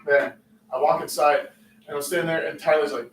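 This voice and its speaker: Animated swearing man, off-mic in room. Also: on the high side, brisk, recorded from a distance. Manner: animated storyteller, acts out quotes, swears freely. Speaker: podcast co-host. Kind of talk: casual chat among friends. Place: room at a casual drinking podcast. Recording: roomy, off-mic with faint background noise.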